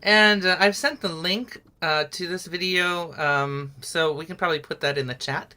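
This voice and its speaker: Middle-aged woman, song leader, bright and clear, patient and encouraging, on a video call. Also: low voice, moderate pace. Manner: patient, encouraging, explains step by step. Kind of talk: online singing lesson.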